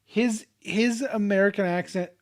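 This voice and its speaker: A young man co-hosting a podcast, chatting casually with jokes, teasing and swearing. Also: high-pitched. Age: young adult. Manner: joking, profane, quick to tease. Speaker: podcast co-host. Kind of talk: casual chat.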